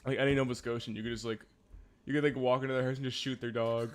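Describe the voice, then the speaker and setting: A man from Canada streaming in casual chat, sardonic and crude, with deadpan jokes. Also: medium pitch, quick pace, crowd noise.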